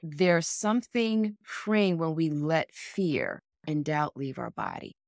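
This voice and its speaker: A woman's voice: deep voice, big pitch swings, slow pace, vocal fry, no room sound, clean studio sound. Earnest encouraging woman podcaster. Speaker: podcast co-host. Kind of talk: motivational casual chat.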